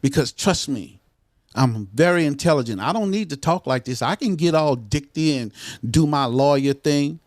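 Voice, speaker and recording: Older man, blunt street talk, lots of cussing, slightly high voice, dry recording. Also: expressive, normal speed, dry recording. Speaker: guest. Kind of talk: casual interview chat.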